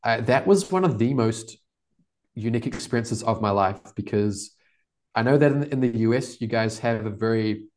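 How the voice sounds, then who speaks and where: Podcast guest: New Zealand man in his twenties, relaxed and rambling. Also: fairly low pitch, moderate pace. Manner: relaxed, rambling, laughs often. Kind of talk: casual storytelling interview.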